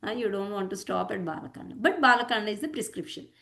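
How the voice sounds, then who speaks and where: A woman giving a devotional discourse, animated, acting out quotes and checking in with "hmm?" and "huh?" asides. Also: medium pitch, quick pace, vocal fry. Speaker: spiritual teacher.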